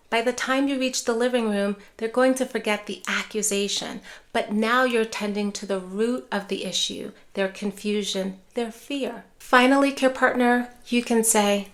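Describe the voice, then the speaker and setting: A woman teaching caregivers in a calm, measured voice. She speaks steadily and reassuringly, with the clear pacing of a prepared lesson to camera. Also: on the high side. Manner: calm, measured, reassuring delivery with acted example phrases. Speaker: neuropsychologist and dementia care educator. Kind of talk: scripted educational talk to camera.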